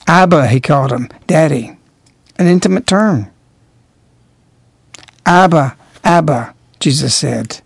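A man giving an earnest, emphatic religious radio talk, stressing key words by rising in pitch. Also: animated, moderate pace, gravelly, breathy edge, no room sound. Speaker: radio commentator.

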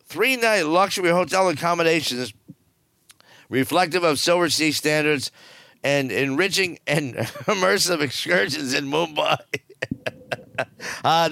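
A man's voice: fairly high pitch, vocal fry, bright, forceful tone, clean tone, no room sound. Blunt, rambling older male news host. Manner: blunt, rambling and jokey, with many fillers. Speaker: cruise news show host. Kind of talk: casual news commentary.

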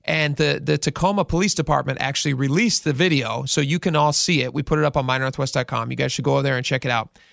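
A man's voice: medium pitch, fast talker, creaky, no echo, clean studio sound. A radio show host telling a news story in casual talk, acting out the quotes as he goes. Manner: animated storyteller, acts out quotes.

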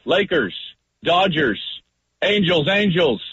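A man, a former quarterback, talking football on a radio show and acting out his line calls with big jumps in pitch. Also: slow pace, breathy edge, lo-fi sound. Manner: lively, acts out line calls loudly. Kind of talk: animated sports talk.

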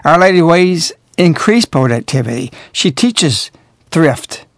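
A man's voice: fairly high pitch, expressive, unhurried, no echo, clean studio sound. Preachy man on talk radio. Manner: emphatic, moralizing, rhetorical questions. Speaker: radio show host.

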